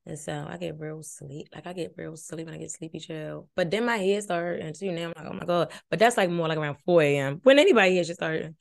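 A woman's voice: sits low, fast, vocal fry, hardly any pauses. A woman hosting a podcast, giving casual, brash and profane commentary on a reality show, sleepy late at night.

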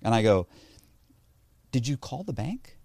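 A man's voice: medium pitch, measured pace, gravelly, no room sound. A man telling a story in a casual interview, acting out the voices of the people he quotes. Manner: animated, acts out quoted voices. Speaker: interview guest.

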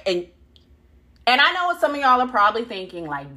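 A young adult woman hosting a solo podcast, talking bluntly and profanely in an animated, laughing monologue. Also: on the high side, a little fast. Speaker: podcast host.

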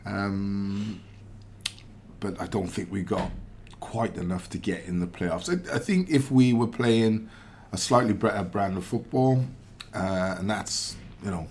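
A man talking as a pundit in a casual podcast chat, measured and reflective with frequent fillers. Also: on the low side, a little mellow, a little hiss or hum. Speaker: pundit, former footballer.

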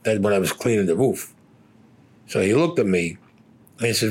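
Husky older Brooklyn man telling stories. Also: on the low side, a little fast, pauses often. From Brooklyn, New York. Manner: blunt, swears constantly, acts out quoted dialogue. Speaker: interviewee. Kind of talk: profane personal storytelling.

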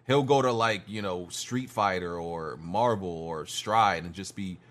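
Laid-back low-voiced man chatting games. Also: unhurried, fairly bright tone. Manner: laid-back, many fillers and restarts. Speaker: podcast co-host. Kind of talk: casual gaming chat.

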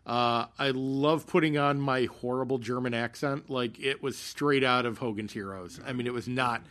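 A man's voice: medium pitch, fairly even intonation, normal speed, fairly bright tone. Rambling man telling a story. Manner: rambling, many fillers and restarts. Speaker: podcast co-host. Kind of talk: casual storytelling chat.

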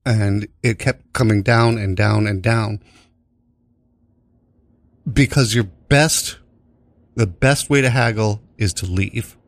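A man's voice: fairly low pitch, slow pace, long pauses, no room sound, studio quality. Rambling, joking radio host man. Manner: rambling, joking, swears freely. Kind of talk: casual on-air chat. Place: radio studio. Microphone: studio microphone.

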